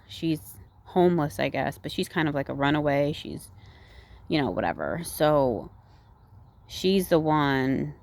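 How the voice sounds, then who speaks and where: Low-voiced woman rambling through a movie recap. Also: darkish tone. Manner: rambling, full of "like", "you know" and "right?". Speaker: movie reviewer.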